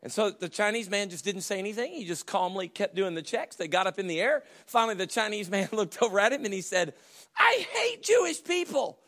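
A man's voice: sits high, fast talker, hardly any pauses, fairly bright tone. A male pastor preaching a sermon with folksy humor and many stammering restarts.

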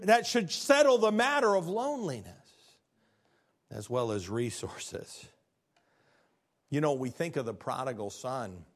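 A middle-aged man, a pastor, preaching a sermon that swings from hushed, intimate lines to loud, fervent ones. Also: mid-range voice.

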